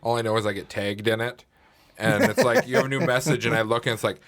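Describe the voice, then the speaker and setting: A man co-hosting a podcast in casual chat, telling joking, animated stories. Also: medium pitch, fast talker. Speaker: podcast co-host.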